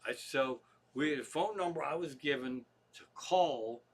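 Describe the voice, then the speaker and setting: This middle-aged comedian's medium-pitched voice is unhurried and slightly rough, carrying a Pennsylvania accent. Livestreaming from his living room, he spins rambling, profane stories with plenty of casual asides.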